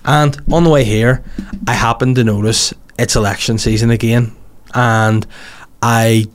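A man's voice: medium pitch, fairly even intonation, measured pace. A man in his thirties with a Northern Irish accent, hosting a casual podcast with brash, crude, self-mocking banter. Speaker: podcast host. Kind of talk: casual podcast chat and read ads.

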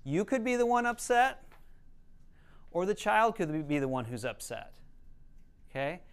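Counselor guy teaching, earnest, explains stuff w stories, clear smooth voice. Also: sits high, big pitch swings, unhurried. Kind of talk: conversational teaching talk.

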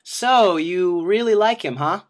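A middle-aged mother, frank and coaxing, her words gentle yet blunt as a man puts her on while telling a story. The voice sits a little high, on the light side for a man. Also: animated, measured pace.

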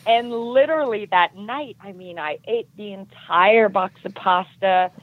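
A woman guest telling a self-deprecating story in casual talk, animated and acting out the voices of others. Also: medium pitch, measured pace, no echo. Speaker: podcast guest. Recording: muffled dull audio.

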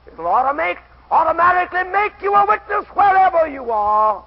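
A man preaching a fervent camp-meeting sermon who bursts into shouted exclamations. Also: very high-pitched, very animated, normal speed, hardly any pauses, slight background noise. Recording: dull lo-fi old sermon recording.

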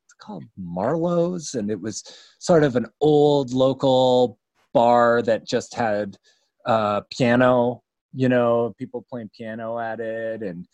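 A man's voice: medium pitch, slow, darkish tone, no room sound. Chatty man hosting a podcast, dry sound. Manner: meandering, chatty, lots of fillers. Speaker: podcast host interviewing a musician. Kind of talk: casual chat.

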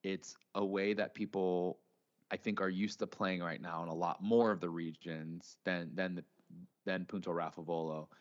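Lo-fi, low-voiced man chatting on a podcast. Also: steady tone, normal speed. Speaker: podcast co-host. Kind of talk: casual chat.

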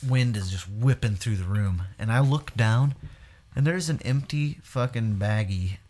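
Hosting a podcast, a man casually tells a wild story, swearing heavily and laughing throughout. His voice is on the low side and a little slow, and the retelling is animated and profane.

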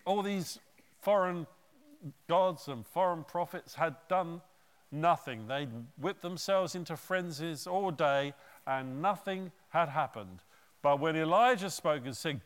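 A male preacher delivers a sermon, retelling the story in an animated way with conversational asides. His voice is clear and smooth, slightly high, and paced slowly. A long reverb from a large hall hangs on every phrase.

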